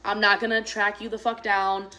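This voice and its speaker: A woman's voice: mid-range voice, little pitch movement, moderate pace, pushed and bright, slight background noise. A young woman telling a dating story to camera in a blunt, profane, emphatic rant.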